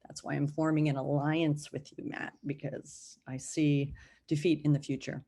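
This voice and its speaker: A woman's voice: low voice, flat delivery, moderate pace, dark tone. A middle-aged woman recording a casual, rambling video message to a relative, playful and self-mocking, laughing often between filler words. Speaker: vlogger addressing a family member.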